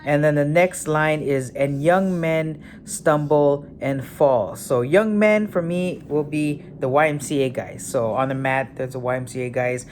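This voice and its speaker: Talk as a woman with a very deep voice giving a casual spoken tutorial, thinking aloud with lots of fillers and correcting yourself as you go. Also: unhurried, few pauses, darkish tone, slight background noise. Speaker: memory technique tutor.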